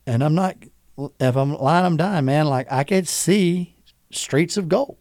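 A man's voice: on the high side, a little slow, a little mellow, dry recording. Earnest man telling a personal story, dry close sound. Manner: earnest, emotional storyteller who acts out quoted voices. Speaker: podcast guest.

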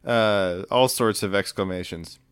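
A man narrating as game master in a tabletop game, relaxed and full of fillers. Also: fairly low pitch, a little slow, clean tone, no echo.

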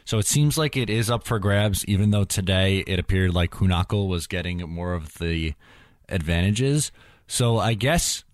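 A man's voice: sits low, expressive, moderate pace, no room sound. A man hosting a hockey podcast in casual chat, steering the talk and citing stats.

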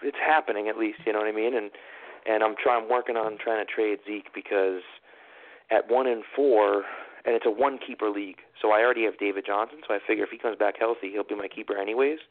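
A man's voice: fairly low pitch, steady tone, fast. A man with a Boston accent, a podcast guest in casual chat, rambling with restarts. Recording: tinny phone line.

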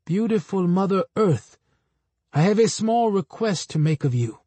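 A man voicing a sly, calm male spider trickster who speaks in a knowing way. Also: high voice, a little slow, no echo, pitched above the performer's own voice. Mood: coaxing.

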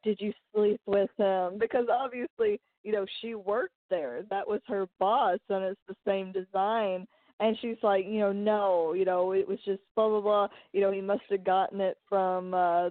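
A woman co-hosting a casual chat about a TV show, retelling scenes quickly and acting out the characters' lines. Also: mid-range voice, no room sound. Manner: fast, animated retelling with acted-out quotes. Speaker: podcast co-host. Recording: tinny phone-like line, dry.

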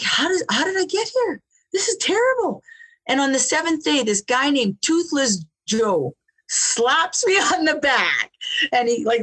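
A woman guest telling her life story in an interview, animated, often repeating words and laughing between phrases. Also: fairly high pitch, husky. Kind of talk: personal storytelling in conversation.

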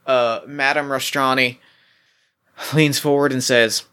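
A man's voice: mid-range voice, a little slow, sharp tone. A man narrating as game master of a tabletop role-playing game, rambling with lots of fillers and restarts.

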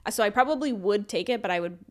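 A woman co-hosting a podcast in casual chat, talking in a rambling, profane, animated way. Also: mid-range voice, quick pace. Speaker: podcast co-host.

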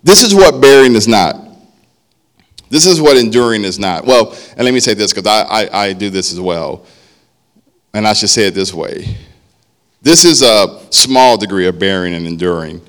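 A man preaching a sermon as a pastor, talking conversationally and often checking in with "right?", dropping softer when he talks about himself. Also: on the low side, lively intonation, normal speed.

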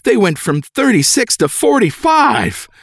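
A man voicing an excited female nurse on the phone, reading her part from a letter in a high, gushing voice. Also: unhurried, creaky, no room sound, studio quality, heavily acted.

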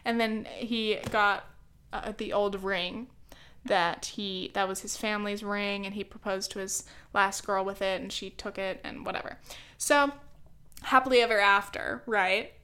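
A woman's voice: mid-range voice, steady tone, measured pace, sharp tone. A young woman vlogger chatting casually and sarcastically about a movie, with lots of filler words, into a camera mic. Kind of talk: casual movie review chat.

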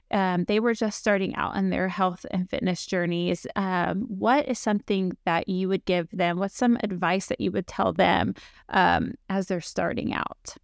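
Rambling woman coach with gravelly edge. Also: mid-range voice, no echo, studio quality. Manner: rambling, many fillers and restarts. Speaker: fitness coach, host. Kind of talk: casual podcast chat.

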